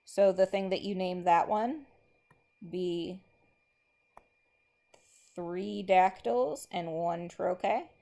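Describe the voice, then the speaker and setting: A young woman teacher talks through a lesson at an unhurried, drawn-out pace. Her low voice has a gravelly, creaky edge, and its tone is dark and mellow. She thinks aloud with plenty of ums. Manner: relaxed, thinking aloud with frequent ums, slows right down to read verse. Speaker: English teacher. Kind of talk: recorded classroom lesson.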